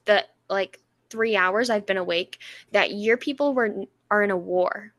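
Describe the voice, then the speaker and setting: Woman podcast co-host, casual book recap, lively retelling, dry close sound. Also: medium pitch, dry recording. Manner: animated retelling with quick voiced asides. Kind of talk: casual book-review chat.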